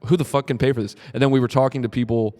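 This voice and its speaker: A man's voice: medium pitch, steady tone, racing, darkish tone, in a large hall. A young man guesting on a comedy podcast, chatting casually with lots of filler words and jokey asides. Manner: chatty, full of likes, puts on voices when quoting himself. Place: podcast room at a comedy club.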